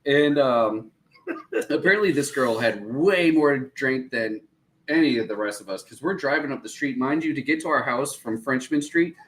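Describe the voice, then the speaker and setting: A man's voice: mid-range voice, normal speed, low-quality recording. A man co-hosting a casual chat, telling profane, joking stories. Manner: profane, joking, animated storyteller. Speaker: co-host.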